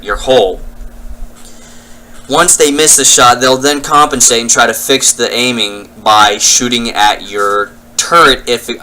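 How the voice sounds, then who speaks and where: A man's voice: medium pitch, sharp tone, poor audio. A young man giving casual let's-play commentary, explaining as he plays and often correcting himself mid-sentence. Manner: rambling, self-correcting, explanatory. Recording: faint game noise behind.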